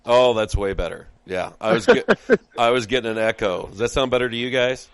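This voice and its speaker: A man's voice: medium pitch, very animated, fairly quick, clean tone, dry recording. A man hosting a podcast, talking in a folksy, upbeat and rambling way with many fillers. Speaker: podcast host. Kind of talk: casual podcast chat with ad reads.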